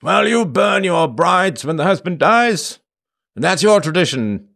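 A man's voice: high voice, very animated, unhurried, vocal fry, a bit bright, pitched above the performer's own voice, full character voice. A man voicing a pompous nineteenth-century British imperialist officer, older and blustering, with a British accent. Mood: smug.

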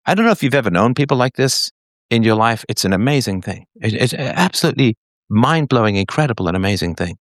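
A man's voice: lowish voice, no echo, clean studio sound. A man giving a sarcastic, theatrical solo monologue to his audience. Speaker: commentator.

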